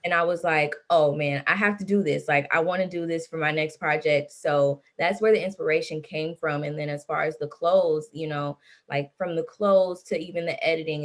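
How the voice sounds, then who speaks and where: Laid-back young woman, lowish voice. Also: moderate pace, few pauses. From Atlanta, USA. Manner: relaxed, lots of "like" fillers, laughs easily. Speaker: rapper, interview guest. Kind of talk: casual interview chat.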